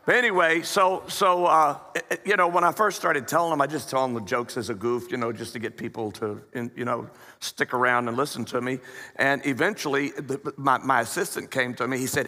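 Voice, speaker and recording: A man's voice: medium pitch, fairly even intonation, a little fast, pushed and bright, long reverb tail. A man preaching a sermon in a folksy, joking storytelling manner, often restarting his sentences. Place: church hall.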